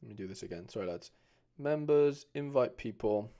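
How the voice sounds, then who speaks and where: A man's voice: medium pitch, expressive, normal speed, mellow. Male streamer, casual and informal, lots of restarts, mid-range voice. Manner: chatty, informal, reads viewer comments aloud, frequent restarts. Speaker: streamer reviewing fan card collections. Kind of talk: casual live stream chat.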